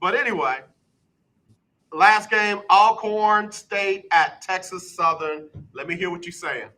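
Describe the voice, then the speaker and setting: A man hosting a casual sports talk radio show, quizzing his guest in a brisk, repetitive rhythm. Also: high-pitched, bright, forceful tone, poor audio.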